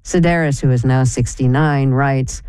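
A radio host reading a scripted introduction of a guest in a measured way. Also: medium pitch, steady tone, darkish tone, clean tone, no echo.

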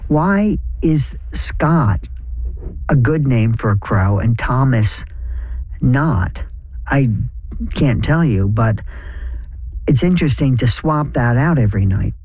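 Brief: male author, 60s, lively raconteur, mellow voice, dry studio sound. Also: no room sound. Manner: animated storyteller, jumps in pitch for emphasis, quick asides. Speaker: author, interview guest. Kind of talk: conversational interview.

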